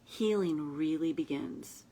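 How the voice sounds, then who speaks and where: A woman coach talks to her viewers in a relaxed, conversational livestream style. Her voice sits a little low, and at times she lowers it to a soft, reassuring whisper. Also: slow, slightly rough, poor audio. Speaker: self-help coach and host.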